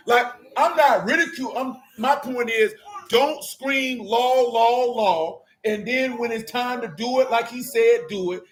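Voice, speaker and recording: A middle-aged man preaching a fiery sermon in street slang, scolding and sometimes shouting. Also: very high-pitched.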